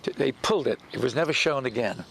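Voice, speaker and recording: A man's voice: medium pitch, expressive, fast, gravelly, very noisy. An older man reminiscing in an interview about acting in a film, telling stories animatedly and acting out quoted lines. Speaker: actor recalling a film role.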